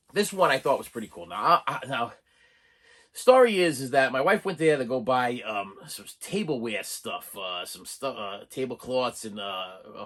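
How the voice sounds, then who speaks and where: Rambling through his movie-haul video, the middle-aged host keeps restarting, stammering and chuckling. His voice is mid-range with a somewhat bright quality, and it's a casual to-camera chat.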